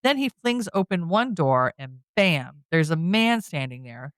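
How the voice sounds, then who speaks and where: In a dry recording, a woman with a deep voice and large pitch swings speaks in an unhurried way. She's a podcast host casually recapping a horror film scene by scene, telling it chattily with frequent "you know" and "like."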